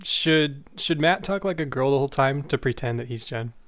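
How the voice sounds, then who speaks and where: A man's voice: mid-range voice, animated, normal speed, fairly bright tone, no echo. Giggly male podcast host. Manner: giggly, easily amused. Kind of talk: casual chat and reading a story aloud.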